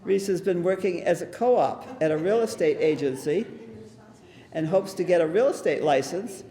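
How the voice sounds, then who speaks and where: A man's voice: high voice, moderate pace. A man acting as emcee, reading award citations at a ceremony. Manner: steady, formal reading. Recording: hall reverb.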